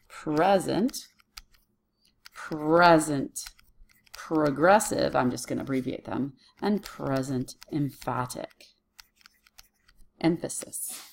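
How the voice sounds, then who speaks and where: A woman teaching a Latin lesson to children on video, working patiently through a worksheet and talking herself through each step. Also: low voice.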